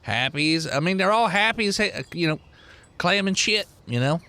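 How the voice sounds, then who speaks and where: A man's voice: high voice, animated, normal speed, bright, forceful tone, voice pushed up. A man playing a blunt, suspicious rural Texan man with a folksy drawl in a tabletop game. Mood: gossipy.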